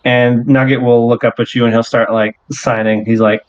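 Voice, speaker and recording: A man's voice: mid-range voice, flat delivery, normal speed, hardly any pauses, clear, resonant tone, dull audio. A man narrating a tabletop game as game master, loose and hesitant with many fillers.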